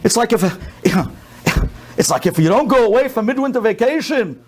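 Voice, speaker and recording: Middle-aged rabbi telling a story in a sermon, high lively voice, acts out everyone in it. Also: male voice, fairly quick. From United States. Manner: animated storyteller, acts out the people in his story.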